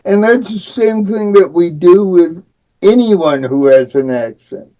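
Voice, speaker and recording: Slow, deliberate older Midwestern man. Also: high-pitched, mellow, highs cut off. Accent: Midwestern American. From American Midwest. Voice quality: speech shaped by cerebral palsy. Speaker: guest, disability advocate. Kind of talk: podcast interview.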